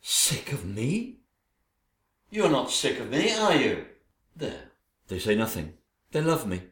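A man playing a gloating wicked stepmother queen, slow and theatrical. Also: medium pitch, wildly swooping pitch, fairly bright tone, reverberant, heavily acted. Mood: gloating, haughty. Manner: theatrical, gloating, drawn-out delivery. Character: scheming vain wicked stepmother queen, female.

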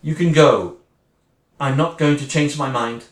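A woman's voice: rumbling low, unhurried. A woman acting a sarcastic, wounded wife who is leaving her husband, speaking one side of a phone call in a dramatic monologue. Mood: cold hurt. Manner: sarcastic, swinging between mocking and furious. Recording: roomy, distant mic.

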